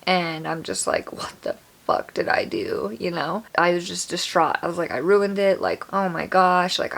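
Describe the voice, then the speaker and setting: Casting: woman vlogger, slightly low and fry-heavy, casual storytime chatter. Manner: chatty, animated, addresses viewers as "you guys".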